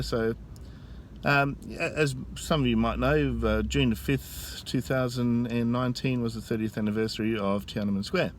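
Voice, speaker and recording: A man telling a story in a casual vlog, speaking into a phone camera outdoors in a busy tourist area. He talks in a rambling, halting way with frequent restarts. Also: medium pitch, steady tone, a little hiss or hum. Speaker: vlogger.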